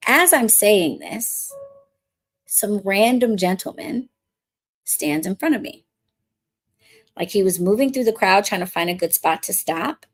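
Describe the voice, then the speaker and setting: A Bronx, New York woman who works as a witchcraft coach and podcast host tells a casual story, chatty and animated, acting out what people said. She's an adult, married since before 2020, and speaks at normal speed in a medium-pitched voice with long pauses.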